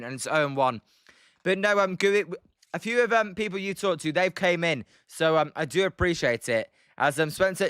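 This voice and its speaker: A man's voice: a little high, sharp tone, no echo, studio quality. A British man hosting a live stream, calling a baseball game and chatting with viewers, with lots of ums between plays. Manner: chatty, many ums, reads chat aloud. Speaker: livestream host doing play-by-play. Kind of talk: casual live commentary with chat replies.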